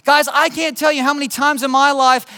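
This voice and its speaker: High-voiced man preaching in a reverberant hall. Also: little pitch movement, brisk. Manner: impassioned preaching, rising to urgent appeals and dropping to soft emphasis. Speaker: pastor. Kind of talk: sermon.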